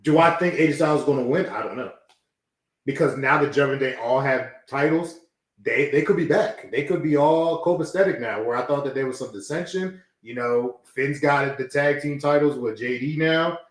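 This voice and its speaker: A man chats casually as a podcast co-host and jumps into quick acted-out lines. His voice sits at a middle pitch. The room gives it a noticeable echo. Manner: animated, acts out wrestlers in quick voices. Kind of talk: casual wrestling chat.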